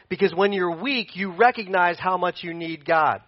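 A man preaches a sermon in a relaxed, conversational way, pacing as he talks. His voice sits a little higher than most men's. The sound is dry and somewhat dull, with no room echo. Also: normal speed, few pauses. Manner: conversational, animated, paces while preaching.

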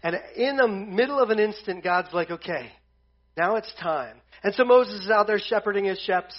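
A man's voice: high-pitched, a little fast. A man teaching a casual Bible lesson to a group. He jokes as he goes and retells scripture in slang. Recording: dull lo-fi sound.

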